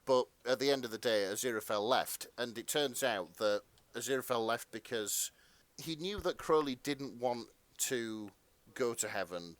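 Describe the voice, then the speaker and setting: A man co-hosting a podcast, casually reading fan fiction aloud with relaxed asides and the odd swear. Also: medium pitch, moderate pace, dry recording. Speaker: podcast co-host.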